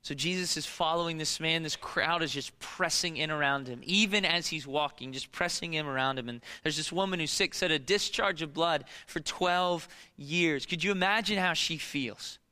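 A middle-aged male pastor preaching a sermon, telling the story dramatically and swinging between loud urgency and hushed, low passages. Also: normal speed, few pauses, clear, resonant tone.

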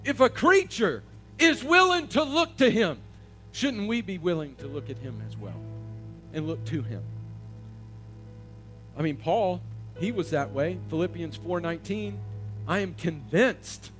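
A man preaching a sermon, asking the congregation questions and swelling to loud emphatic peaks. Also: fairly high pitch, lively intonation, a little slow, faint music behind. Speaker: pastor.

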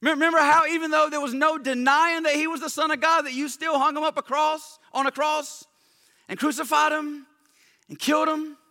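A man voicing the apostle Peter as a bold, fired-up male preacher, loud and emphatic in a slangy retelling. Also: very high-pitched, fairly even intonation, rapid-fire, hardly any pauses, pitched above the performer's own voice, full character voice.

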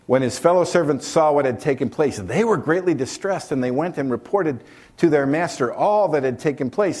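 A man's voice: lively intonation, moderate pace. A man preaching a sermon, reading scripture and driving his points home. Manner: preaching with wide swings in pitch and loudness, reading scripture aloud. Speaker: pastor.

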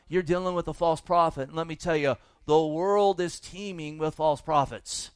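A man's voice: on the high side, fairly even intonation, moderate pace, hardly any pauses, clean tone, no echo. A man preaching a sermon as pastor, folksy and emphatic, with asides to the congregation.

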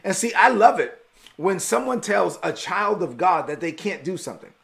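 A male preacher from Brooklyn delivers a devotional message with emphasis, often repeating his key lines. His voice is high for a man and has a gravelly fry. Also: lively intonation, moderate pace, fairly bright tone. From Brooklyn, New York. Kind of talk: devotional sermon.

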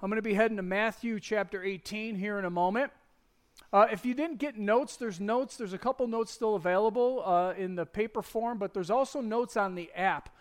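A man giving a conversational sermon as pastor, retelling a Bible story in a casual, joking, animated way. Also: high-pitched, fairly quick.

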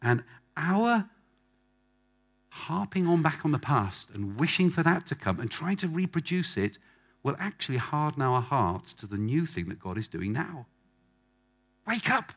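Animated preacher man, lively pitch. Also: moderate pace. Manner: emphatic, repeats phrases for effect. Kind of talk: sermon. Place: church hall with a live congregation.

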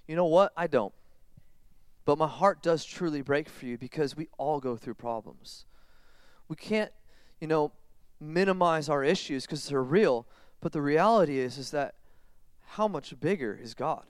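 A man, a pastor in his thirties, preaching a sermon in a conversational, animated way that swings from quiet reflection to loud emphatic bursts. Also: on the high side, moderate pace, clear, resonant tone, dry recording. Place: church sanctuary.

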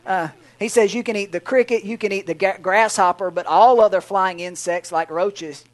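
A man's voice: sits high, moderate pace. A middle-aged man preaching a sermon in a folksy, joking way with emphatic swells. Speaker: pastor.

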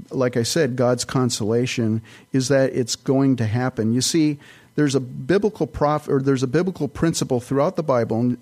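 A man's voice: mid-range voice, darkish tone. Man preaching a folksy, rambling sermon. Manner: folksy, rambling anecdotes with frequent restarts. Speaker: pastor. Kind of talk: conversational sermon.

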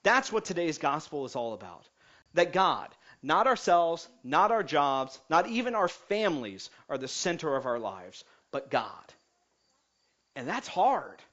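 High-voiced man preaching a sermon. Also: a little slow. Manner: energetic preaching with swings between loud and soft; jokes with the congregation. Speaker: pastor. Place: church. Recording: dull lo-fi recording.

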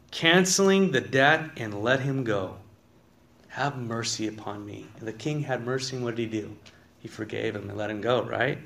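A man's voice: medium pitch, gravelly, a bit bright. A man preaching a conversational sermon in a church, reading scripture aloud and asking his congregation questions. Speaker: pastor. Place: church sanctuary.

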